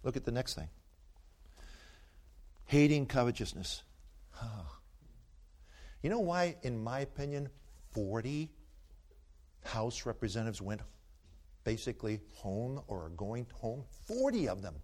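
An older male preacher delivers a sermon in a mid-pitched voice. He tells animated stories and jokes with his listeners. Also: measured pace, long pauses. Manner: animated, joking storyteller.

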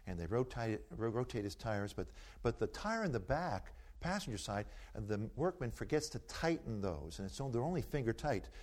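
Male speaker of middle pitch, folksy storyteller with a preacherly, rhetorical push; takes questions from the floor. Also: very animated, moderate pace, few pauses, a little mellow. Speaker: speaker taking audience questions.

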